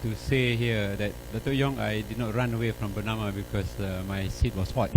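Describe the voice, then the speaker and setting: A man's voice: lowish voice, fairly even intonation, moderate pace, background noise. A man with a Malaysian English accent moderating a panel, hesitant and full of fillers. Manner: hesitant, many fillers, good-humored.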